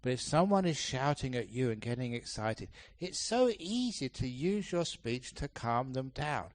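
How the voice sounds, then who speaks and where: A man, a Buddhist monk, giving a dharma talk at a retreat, telling stories with lots of changes in pitch and pace and laughing often. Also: big pitch swings, normal speed. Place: temple hall, live talk.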